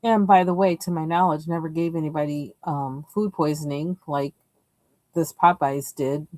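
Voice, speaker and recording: A woman's voice: deep voice, fairly even intonation, normal speed, a little mellow, dry recording, low-quality recording. A woman hosting a coloring livestream, chatting casually and rambling while she picks colors. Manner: chatty and rambling, laughs often, trails off while searching for colors.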